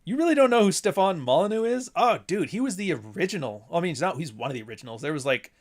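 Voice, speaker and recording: A man hosting a casual livestream, an author telling stories in a profane, animated way and laughing often. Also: a little high, fast talker. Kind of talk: casual livestream chat reading super chats.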